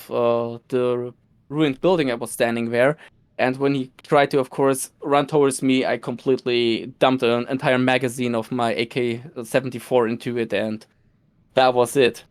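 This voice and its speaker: A man's voice: mid-range voice, smooth. A man who is a cosplayer, guesting on a casual podcast, eager and laughing often.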